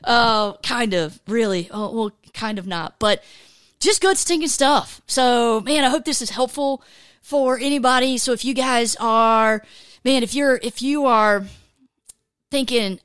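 A woman hosting a casual faith podcast, animated, laughing often and filling her talk with "man" and "dude.". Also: fairly high pitch, a little slow, clean tone, dry recording, studio quality. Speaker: podcast host.

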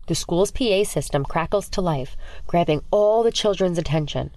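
A woman storyteller reading a scripted spooky children's tale in a steady, measured voice that sits a little low. The recording is dry and close, with no room around it. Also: no echo.

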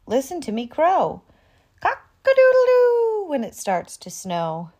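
A woman voicing a proud barnyard rooster in a storybook, crowing loudly and showily. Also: fairly high pitch, sing-song, a little slow, slightly rough, pitched above the performer's own voice, exaggerated voice.

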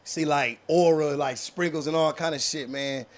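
High-voiced man telling a profane story. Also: steady tone, moderate pace. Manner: keeps asking "you know what I'm saying"; profane, slangy street talk. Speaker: podcast guest telling a story; battle rapper. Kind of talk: animated casual storytelling.

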